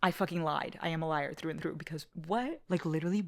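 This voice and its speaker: Profane, excitable young man vlogger. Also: on the high side, fast talker, gravelly. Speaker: book vlogger. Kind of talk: casual chat.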